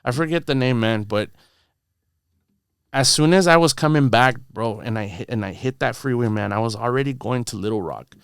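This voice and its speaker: A man's voice: mid-range voice, normal speed, vocal fry, clear, resonant tone, no room sound, studio quality. A man casually telling a long story on a podcast, rambling and profane, filling his talk with "bro" and "dude". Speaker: podcast guest. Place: podcast studio.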